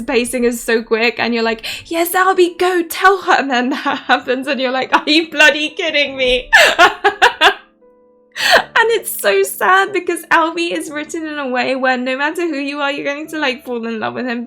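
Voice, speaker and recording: Chatty woman reviewing a book. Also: fairly high pitch. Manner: chatty, animated, acts out characters' lines in quick asides, laughs often. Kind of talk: casual book review chat.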